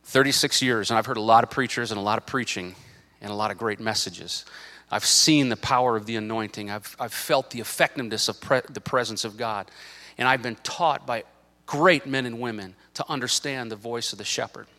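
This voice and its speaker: A middle-aged male pastor preaching a sermon in church, animated, swinging between loud bursts and quiet asides, with joking side remarks. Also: mid-range voice, brisk, in a large hall. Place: church sanctuary.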